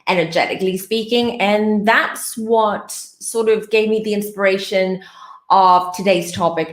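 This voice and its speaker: A woman hosting a live tarot show, chatting in a warm, upbeat way and greeting viewers by name. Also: medium pitch, roomy sound. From Greece. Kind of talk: casual live-stream chat.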